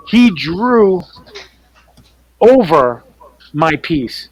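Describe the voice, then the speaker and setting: High-voiced man telling lively stories. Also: slow pace, rough recording. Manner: animated storyteller who acts out quoted voices; swears freely. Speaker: artist on a team panel show. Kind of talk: casual storytelling chat.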